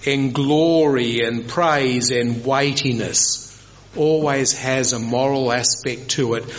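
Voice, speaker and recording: A man preaches a sermon in a middle-pitched voice. He tells the story with energy and often climbs sharply in pitch. The recording sounds a little dull and lo-fi. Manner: animated, rises high when voicing Moses.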